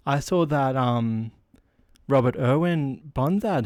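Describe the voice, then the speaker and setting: A man's voice: mid-range voice, normal speed, darkish tone, no echo. A man hosting a solo comedy podcast, rambling and self-deprecating with lots of fillers and a stuffy nose. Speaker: podcast host.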